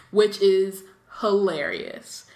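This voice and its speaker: A woman reads a novel aloud at an easy, casual pace and keeps stopping for chatty asides with a laugh. Her voice sits at a middling pitch. The room around her is noticeably echoey. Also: drawn-out words, darkish tone. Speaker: podcast co-host reading aloud. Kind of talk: casual read-aloud and chat.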